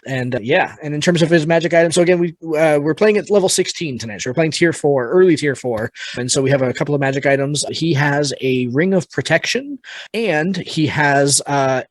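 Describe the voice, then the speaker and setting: A man's voice: a little high, fairly quick, dry recording. A man hosting a tabletop game session, chatting casually and laughing often. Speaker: host.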